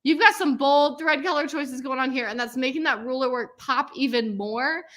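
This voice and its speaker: A woman hosting a quilting class celebration, gushing with praise and calling out each student's name with a loud cheer. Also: sits high, moderate pace. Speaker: quilting teacher and host. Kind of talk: livestream celebration of student work.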